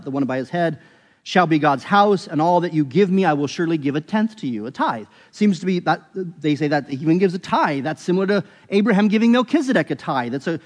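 An earnest man preaches with a slightly raised, higher-than-usual pitch, explaining a text step by step and pausing to correct himself. His voice rings out with a long hall reverb around it. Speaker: pastor. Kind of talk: sermon.

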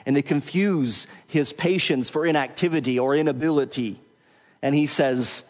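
A man preaching an expository sermon as pastor, measured and emphatic, slowing down to stress key words. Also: fairly high pitch, in a large hall.

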